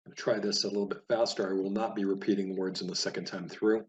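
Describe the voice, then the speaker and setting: A man teaching Biblical Hebrew, reading practice words out one by one and explaining in relaxed asides. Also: low voice, lo-fi sound. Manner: slow, deliberate word-by-word reading.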